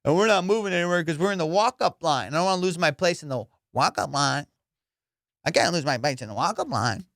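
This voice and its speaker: Profane, animated male comedian telling a story. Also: fairly high pitch, fairly quick, no room sound, clean studio sound. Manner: profane, animated, acts out voices. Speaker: comedian podcast host. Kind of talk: casual storytelling.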